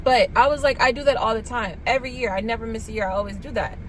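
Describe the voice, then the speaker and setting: A woman's voice: quick pace, a little hiss or hum. A young woman vlogging, telling a date story in casual slang, gushing and quoting herself in squeals, with a cough. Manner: animated, gushing, quotes herself in high squeals. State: coughing, under the weather.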